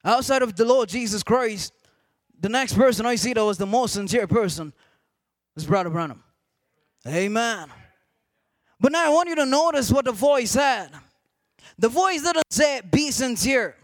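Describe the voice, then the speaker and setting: A man preaching a sermon to a congregation, repeating "amen" often and rising to shouted emphasis. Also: very high voice, lively intonation, moderate pace, long pauses, dry recording.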